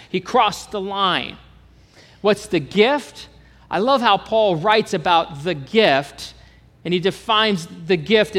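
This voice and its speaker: A man from Kansas with a Kansas accent preaching a sermon as pastor, animated and asking the congregation questions. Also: on the high side, long reverb tail.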